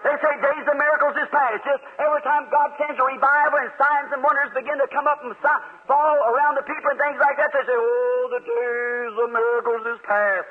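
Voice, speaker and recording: A man's voice: very high-pitched, steady tone, fairly quick, few pauses. A man preaching a sermon, telling stories with quoted back-and-forth dialogue in an emphatic manner. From United States. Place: outdoor amphitheater. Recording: tinny 1950s phone-band recording.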